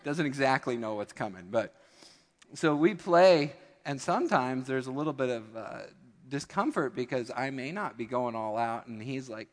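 A man's voice: medium pitch, lively intonation, normal speed. A male pastor delivering a sermon in a church, telling a funny story and acting out the people in it. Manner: humorous storytelling with acted-out voices. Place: church sanctuary. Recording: long church hall reverb.

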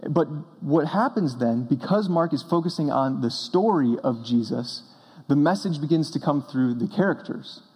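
A man's voice: a little high, animated, normal speed, darkish tone, breathy edge. Young male pastor, earnest and emphatic, sermon delivery, echoing sanctuary. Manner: earnest, storytelling preacher with emphatic bursts. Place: church sanctuary. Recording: reverberant church hall.

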